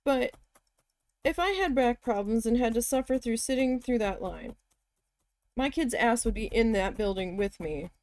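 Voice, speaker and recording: A woman's voice: on the high side, moderate pace, darkish tone, no echo. A woman chatting casually while she works on a craft, telling stories and talking to her cat. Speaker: crafting vlogger.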